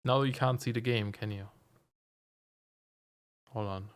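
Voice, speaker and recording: A man's voice: mid-range voice, steady tone, measured pace. A man streaming a video game, giving casual commentary and thinking aloud with frequent chuckles. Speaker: let's play streamer.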